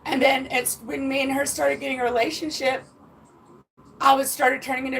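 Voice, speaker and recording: A woman's voice: high voice, flat delivery, normal speed, vocal fry, fairly bright tone, poor audio. A woman vlogging from home in a rambling, emotional way, swearing freely and close to tears. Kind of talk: casual chat to viewers. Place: at home indoors.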